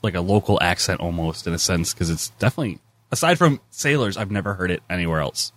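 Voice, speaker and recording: A man with a fairly low voice co-hosts a casual movie podcast. He chimes in with dry, deadpan wisecracks and short remarks. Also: fast talker, dry recording.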